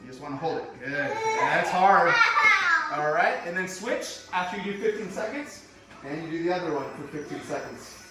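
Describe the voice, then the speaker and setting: Man fitness instructor, high voice, encouraging, distant camera mic, echoey home room. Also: lively intonation, normal speed. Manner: encouraging, gives short praise. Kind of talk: demonstrating a home workout. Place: indoors at home.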